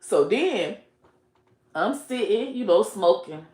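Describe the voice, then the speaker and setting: A woman's voice: medium pitch, animated, takes it slowly, a little mellow, reverberant. A woman comedian telling a profane, comic story and laughing between her lines.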